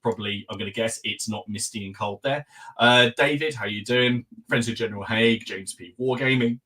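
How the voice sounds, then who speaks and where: A man hosting a live podcast, running through viewers' names with quick friendly asides. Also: fairly low pitch, pushed and bright. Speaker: podcast host. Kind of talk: live-stream chat greeting viewers.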